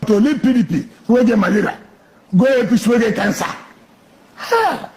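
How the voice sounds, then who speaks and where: A man's voice: high-pitched, fast talker, darkish tone, a little hiss or hum. A man with a Nigerian Pidgin accent giving emphatic, joking interview answers as a politician.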